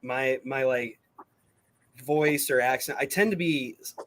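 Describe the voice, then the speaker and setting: A man with a faint Midwestern accent chats casually as a podcast guest, mid-pitched and quick to laugh. He throws in playful asides as the talk goes on. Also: noisy background. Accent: slight Midwestern. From Illinois.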